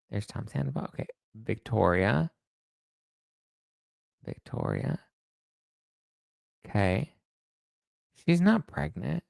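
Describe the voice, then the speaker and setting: A man hosting a pop culture show in casual chat, breaking into high-pitched disbelief. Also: gravelly, no room sound. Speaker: pop culture podcast host.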